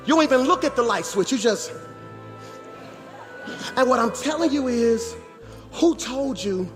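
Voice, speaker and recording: A man in his forties, a pastor preaching in a church sanctuary, animated, with shouted and sing-song phrases. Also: very high-pitched. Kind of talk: sermon.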